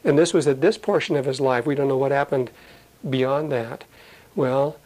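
A man leads a church Bible study in a relaxed, conversational sermon voice at an ordinary middle pitch. He reads the verses slowly and deliberately, then breaks into plain, folksy explanations for the congregation. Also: rough recording. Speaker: pastor.

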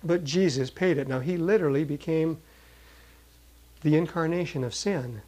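Guy preaching a sermon, kinda higher voice, earnest, reads verses out loud with punch. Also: moderate pace, poor audio. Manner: earnest, reads scripture aloud with emphasis; restarts and fillers while explaining. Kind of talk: sermon, Bible teaching.

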